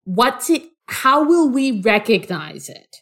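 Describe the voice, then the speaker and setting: A woman playing in a tabletop game, speaking in a prim, measured way. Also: on the high side, sing-song. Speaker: player. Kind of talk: tabletop role-play chat.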